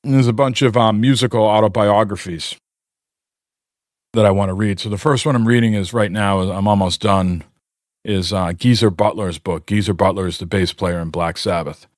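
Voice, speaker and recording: A man's voice: on the low side, steady tone, normal speed, dry recording, clean studio sound. A man co-hosting a podcast, telling long rambling stories with lots of fillers. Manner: rambling storyteller, many fillers. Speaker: podcast co-host. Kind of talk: casual chat.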